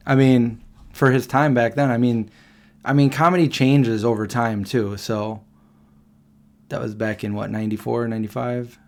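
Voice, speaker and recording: Man, livestream host, casual rambling chat, quick questions back to the chat. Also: medium pitch, steady tone, darkish tone.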